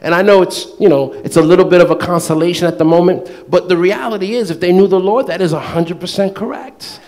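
A man preaching a sermon in an animated, playful way. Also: sits high, brisk. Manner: animated, playful, acts out quoted voices with laughter.

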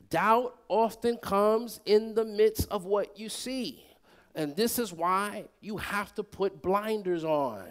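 A man preaching a sermon to a congregation, calling for responses and swinging between loud, emphatic lines and soft, quiet ones. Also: high-pitched.

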